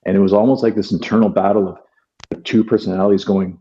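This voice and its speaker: A man from Canada, a podcast guest, speaking in an earnest, halting way with many fillers and restarts. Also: lowish voice, flat delivery, warm tone, highs cut off. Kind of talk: reflective interview talk.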